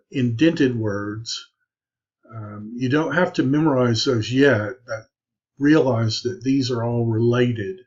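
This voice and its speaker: A man teaching an introductory language class in a recorded video lecture, halting often with "uh" and "um". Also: mid-range voice, breathy edge. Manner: halting, many "uh" and "um" fillers. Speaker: Greek instructor. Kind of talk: recorded lecture over slides. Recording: dull lo-fi voice recording.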